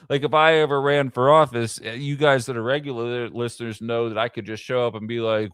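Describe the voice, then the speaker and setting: Rambling male livestream host, smooth voice. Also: medium pitch, fairly bright tone, no room sound, clean studio sound. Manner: talkative and rambling, with fillers and quick asides to chat. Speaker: livestream political show host. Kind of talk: casual political commentary livestream.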